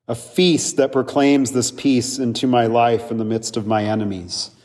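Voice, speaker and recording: Earnest male pastor in a reverberant church. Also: on the high side. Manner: earnest, conversational preaching with frequent "right?" asides. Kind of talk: sermon.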